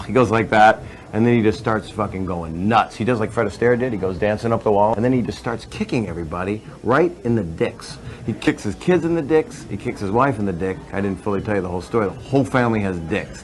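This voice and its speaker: A man's voice: on the low side, low-quality recording. A male comedian telling a crude joke in rambling stand-up style, laughing through it and breaking off to restart.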